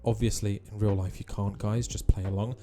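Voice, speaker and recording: A man's voice: fairly low pitch, little pitch movement, brisk, dark tone, a little hiss or hum. A man giving casual, offhand commentary on a wrestling game.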